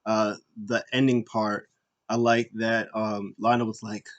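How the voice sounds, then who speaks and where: A man's voice: on the low side, unhurried, muffled recording. A man hosting a casual wrestling recap show, rambling with lots of fillers and restarts, acting out bits of what he watched. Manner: rambling, animated retellings with frequent fillers and restarts. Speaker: podcast host.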